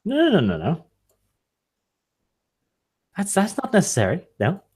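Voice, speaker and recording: A man's voice: high-pitched, huge pitch swings, a little slow, a little mellow, husky. Joking man playing a tabletop game. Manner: swearing, joking. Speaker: player. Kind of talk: casual tabletop play.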